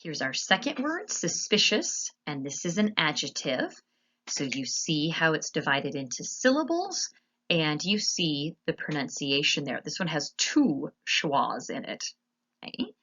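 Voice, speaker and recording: A woman with a notably low voice talks through a slide lesson as a teacher. She explains patiently and spells words out slowly. The audio is a little dull and muffled. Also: very animated, a bit bright, breathy edge.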